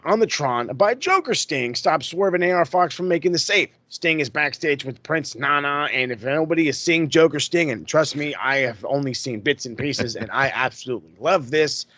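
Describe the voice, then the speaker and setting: A man hosting a podcast, recapping in a casual, excitable, profane way that rambles. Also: fairly high pitch, no room sound. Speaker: podcast host.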